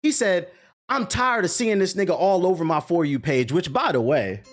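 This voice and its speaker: A man's voice: sits high, moderate pace. A young man giving profane, emphatic commentary as a streamer reacting to a critic. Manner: animated, profane, emphatic ranting.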